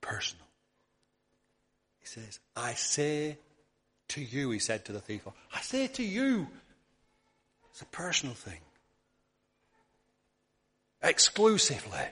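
A man preaching a sermon, earnest, often repeating words and restarting, dropping softly on key words. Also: fairly high pitch, sing-song, slow, long pauses. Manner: drops to a soft near-whisper on key words.

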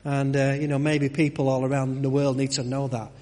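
A man's voice: medium pitch, flat delivery, brisk, darkish tone, long reverb tail. A man giving a conversational sermon, full of restarts and rhetorical questions. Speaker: preacher. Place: church.

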